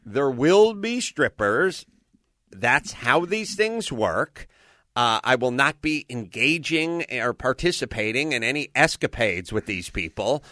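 A man's voice: mid-range voice, dry recording, studio quality. A man co-hosting a radio talk show, telling stories bluntly and profanely in casual comedic chat. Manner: blunt, profane, animated storyteller. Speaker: radio co-host.

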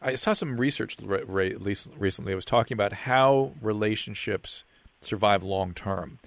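A man's voice: fairly low pitch, moderate pace, no echo. A man co-hosting a radio show, chatting casually and retelling stories with laughter. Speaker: radio co-host. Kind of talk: casual talk.

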